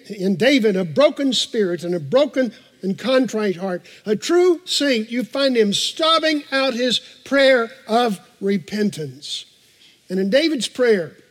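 High-voiced preacher in a reverberant church. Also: male voice. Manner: earnest, emphatic preaching with repetitions and conversational asides. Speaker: pastor. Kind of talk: sermon. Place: church sanctuary. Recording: long reverb of a large church hall.

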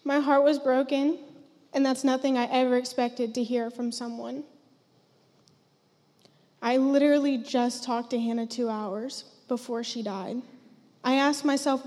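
Teen girl, heartfelt testimony, emotional, fairly high voice, church hall reverb. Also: steady tone, measured pace, darkish tone. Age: teens. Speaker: student giving testimony. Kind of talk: personal testimony. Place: church sanctuary stage.

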